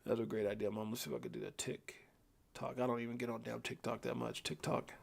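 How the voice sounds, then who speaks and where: A grieving man hosting a casual livestream, reading viewer comments aloud and talking haltingly with many fillers and restarts. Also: mid-range voice, flat delivery, gravelly. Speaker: livestream host.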